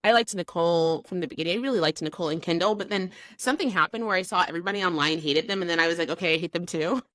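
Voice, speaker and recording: A woman in her forties hosting a podcast, chatting casually and telling stories in an animated way, acting out what people said. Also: fairly low pitch, rapid-fire, no room sound. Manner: animated storyteller who acts out quotes. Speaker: podcast host. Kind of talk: casual chat.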